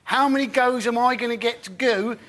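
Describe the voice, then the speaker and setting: A man's voice: very high-pitched, a little fast, heavy background noise. A man on a comedy panel, laughing and complaining in exaggerated, flustered banter. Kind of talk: comic banter. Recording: TV studio with loud audience.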